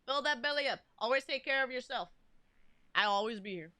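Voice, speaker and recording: Woman, game streamer, casual chat, high bright voice, rambling, restarts, faint background music. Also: animated, brisk. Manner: rambling, lots of restarts and fillers, laughing.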